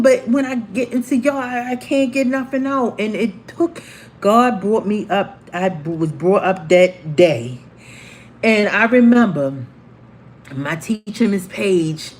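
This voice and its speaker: Speaking in a mid-range voice, a woman in her forties who hosts a livestream shares a personal story casually with viewers. She tells it animatedly, performing the voices of the people involved.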